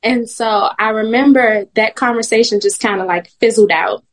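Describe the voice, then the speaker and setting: A woman guest sharing a personal faith testimony in animated storytelling that is often broken by laughter. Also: fairly high pitch, normal speed. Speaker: podcast guest.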